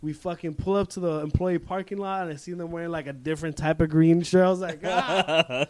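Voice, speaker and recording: A man's voice: on the high side, steady tone, brisk, darkish tone, no echo. A man co-hosting a casual podcast, telling a story with lots of swearing, acting out the people he quotes and laughing often. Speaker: podcast co-host.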